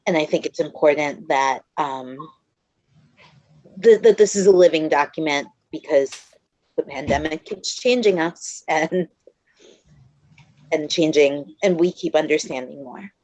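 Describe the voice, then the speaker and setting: A woman's voice: sits low, a little slow, long pauses, a little mellow, dry recording. A woman on a board giving her view at a meeting, earnest, with a few restarts. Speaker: board member. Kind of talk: meeting comment. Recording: dry, dull lo-fi audio.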